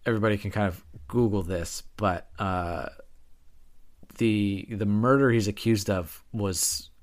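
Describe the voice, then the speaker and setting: A young podcast co-host talks casually and at length, hedging and correcting himself as he explains. His voice is lowish and unhurried.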